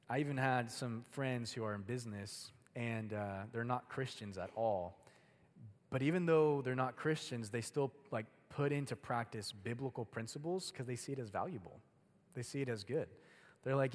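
A young man delivers a sermon in a loose, conversational way, scattering filler words through his points. His mid-pitched voice rings out with a long reverb, as if he were in a large church hall. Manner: casual, chatty, heavy use of "like".

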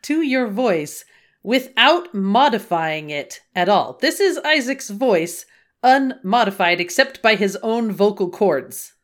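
A middle-aged woman co-hosting a podcast in relaxed, casual chat, laughing often. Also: medium pitch, slow pace. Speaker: podcast co-host.

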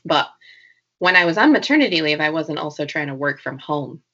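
Female co-host, emphatic and laughing, bright gravelly voice, slightly dull audio. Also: deep voice, very animated, fairly quick. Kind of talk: casual chat.

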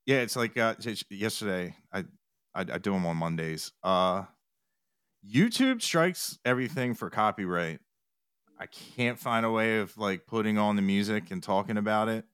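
A man's voice: on the low side, animated, moderate pace, a bit bright, smooth, no echo, studio quality. A man chatting as an interview guest, rambling with restarts and retold quotes. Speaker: podcast guest, TikTok music reactor. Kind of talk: casual interview chat.

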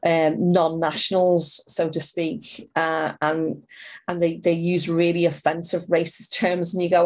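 A woman's voice: on the low side, flat delivery, measured pace, a little mellow. A middle-aged woman from Ireland, an outreach worker answering interview questions in a rambling way with many restarts.

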